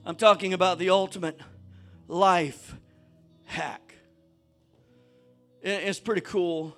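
A man preaching a sermon to a church congregation, swinging between shouted exhortation and low conversational asides. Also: steady tone, slow pace, soft background music. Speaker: pastor.

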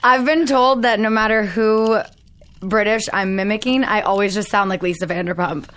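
A woman's voice: medium pitch, fairly even intonation, moderate pace, fairly bright tone, smooth. A woman hosting a podcast in casual chat, bubbly and giggly with a flirty streak. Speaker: podcast host.

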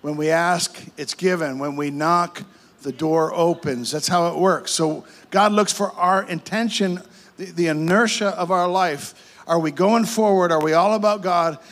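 A pastor delivering a sermon builds fervor by stacking repeated phrases, stumbling into restarts and pressing on anyway. His voice runs on the high side, fairly bright, at a measured pace.

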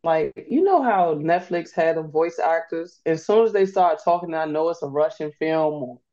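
A young woman, a guest on a casual podcast, telling stories in an animated, slangy way. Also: low voice, normal speed. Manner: animated storyteller, slangy, laughs often. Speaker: guest, host's niece. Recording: dull lo-fi recording.

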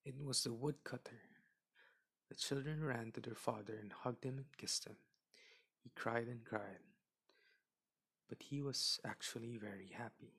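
A man reads a children's fairy tale aloud, slow and expressive. His voice is husky with a gravelly creak and a bright edge. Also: medium pitch. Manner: gentle, expressive, with asides. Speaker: storyteller. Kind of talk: children's story reading.

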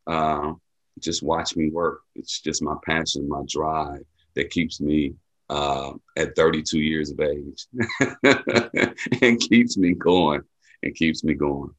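A man from Milwaukee, USA, who works as an athletic director and mentor, speaks in a very deep, level voice at a measured pace. Answering an interviewer with heartfelt earnestness and frequent repeated phrases, he becomes emotional and is close to tears.

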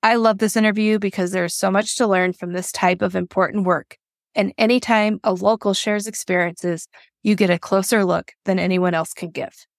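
A woman hosting a podcast, reading a measured introduction and then chatting with her guest. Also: medium pitch, dry recording, clean studio sound. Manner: reads a steady, measured introduction. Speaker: podcast host. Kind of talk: scripted introduction and casual interview.

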